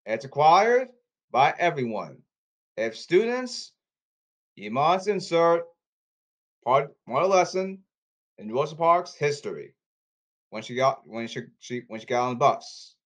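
A man's voice: on the high side, sing-song, unhurried, pauses often. Insistent man rambling to camera. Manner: repetitive, insistent, restarts often.

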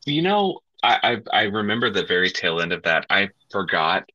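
A man in his thirties, co-hosting a casual late-night podcast chat and acting out quotes with big jumps in pitch. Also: big pitch swings, normal speed, bright, forceful tone, no echo, highs cut off. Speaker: podcast co-host.

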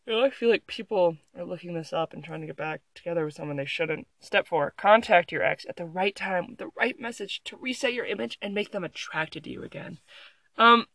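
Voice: medium pitch, fairly bright tone, dry recording. A young adult vlogger reading an article aloud at home into a phone, with sarcastic, giggly, rambling commentary. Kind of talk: casual reaction commentary. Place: room at home.

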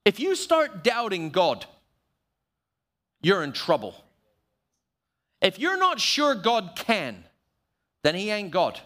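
A man with a notably high voice preaches with conviction, leaning hard on key words and drawing them out slowly. Now and then he drops lower to act out a short quoted prayer. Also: huge pitch swings, pushed and bright. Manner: emphatic preaching, slowing down to stress key phrases. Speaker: pastor. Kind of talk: sermon.

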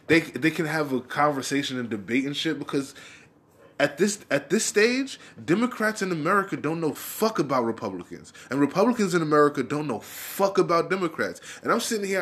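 A young man in a casual vlog rant, heated and full of swearing. He rambles and restarts as he goes, at an ordinary, middling pitch. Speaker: vlogger.

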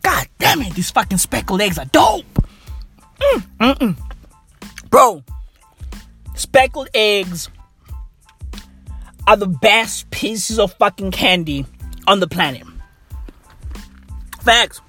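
A man's voice: sits high, very animated, slow, long pauses, sharp tone, slightly rough, faint music behind. Swearing man ranting. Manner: rambling, repetitive, heavy swearing. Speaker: vlogger. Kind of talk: profane casual rant.

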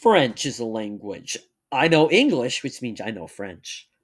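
A young man co-hosting a casual chat, joking and laughing often, and reading text aloud at a measured pace. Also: medium pitch, sing-song, husky. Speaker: podcast co-host.

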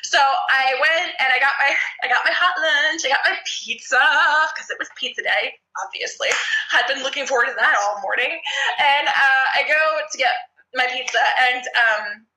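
A young woman from New Jersey telling a story in casual chat, animated and profane, laughing as she goes. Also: high-pitched, moderate pace, echoey room, low-quality recording.

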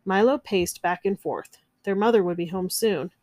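Lady reading a kids' storybook, gentle, mid pitch, super dry close sound. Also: normal speed, no room sound. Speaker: narrator. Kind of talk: children's storybook read-aloud.

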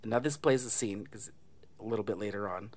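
A man's voice: fairly low pitch, brisk, a little mellow. A man casually retelling a movie plot, chatty and laughing often, swearing and mimicking lines from the film. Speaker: movie recap vlogger.

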